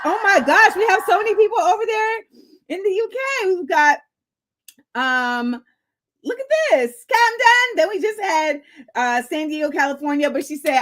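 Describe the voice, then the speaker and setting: A woman hosting a live-streamed talk show, chatty and excitable and laughing often as she greets viewers. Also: extremely high pitch, moderate pace, a little hiss or hum. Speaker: host.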